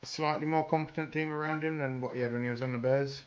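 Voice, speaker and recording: A man's voice: fairly high pitch, fairly even intonation, fast talker, highs cut off. A man with a British accent hosting a live watch-party stream, chatting casually, laughing often and swearing now and then.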